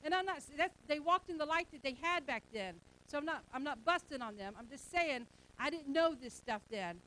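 A woman's voice: sits high, animated, a little fast, bright, forceful tone, slight background noise, rough recording. A middle-aged woman pastor preaching a sermon, emphatic and repetitive, acting out bits of everyday dialogue.

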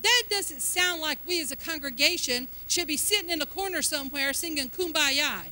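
A woman's voice: high voice, moderate pace, few pauses, bright, forceful tone, a little hiss or hum. A woman preaching a sermon in a folksy, emphatic way, asking the congregation questions as she goes.

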